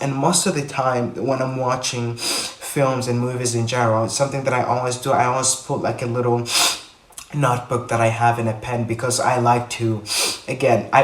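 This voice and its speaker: A man vlogging to the camera in casual chat, rambling and repeating himself with animated bursts. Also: mid-range voice. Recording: echoey room, a bit far from mic.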